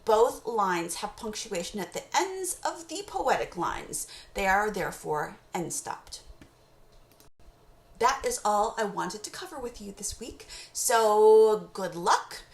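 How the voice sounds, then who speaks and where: Woman giving a measured poetry lecture. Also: medium pitch, very animated, vocal fry, reverberant. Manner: measured, explanatory, reads poem excerpts slowly aloud. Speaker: teacher. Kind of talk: recorded course lecture.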